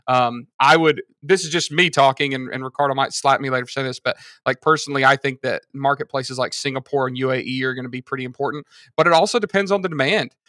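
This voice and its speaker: A man with a bright, forceful tone talks through examples at length in a casual podcast chat. His voice is dry and close, with no room sound behind it. He explains patiently and in detail. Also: mid-range voice, fast talker, hardly any pauses, no room sound. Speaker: guest from a seller funding service.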